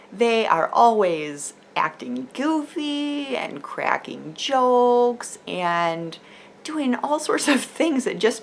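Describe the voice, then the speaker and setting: A middle-aged woman chats to camera as a homeschool mom. Her talk is earnest and full of fillers, and she often acts out what other people said. Her pitch sits in the middle range. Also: a little hiss or hum. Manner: chatty and earnest, with many fillers and acted-out quotes.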